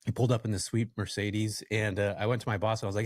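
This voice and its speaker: Low-voiced man telling a story. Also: fast, no room sound, clean studio sound. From California. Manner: animated storyteller, talks straight to listeners. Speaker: podcast guest, real estate investor. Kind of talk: casual storytelling interview.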